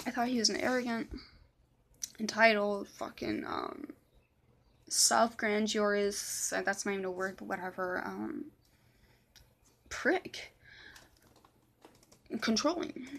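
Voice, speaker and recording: A woman's voice: mid-range voice, creaky. A young woman telling a personal story in a casual, rambling vlog, swearing often, using many fillers and dropping to a whisper for quoted lines. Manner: rambling, profane, full of fillers. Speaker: vlogger.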